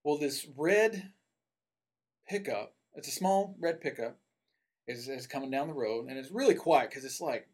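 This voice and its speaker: A man's voice: a little high, lively intonation, measured pace, darkish tone. A man from Tennessee telling a personal story in a casual, rambling way, full of asides. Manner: rambling, with many asides and fillers.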